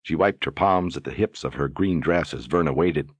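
Deep, husky male audiobook narrator. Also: dry recording. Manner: measured, dramatic reading.

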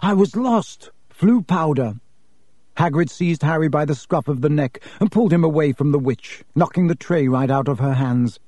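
A man narrating an audiobook in a steady, measured way. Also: a little high, dry recording.

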